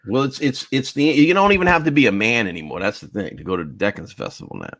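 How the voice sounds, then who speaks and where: A man's voice: on the low side, very animated, quick pace, a bit bright, no room sound, studio quality. A middle-aged man, a podcast guest telling rambling, profane stories over a video call and calling everyone bro. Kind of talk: casual storytelling chat.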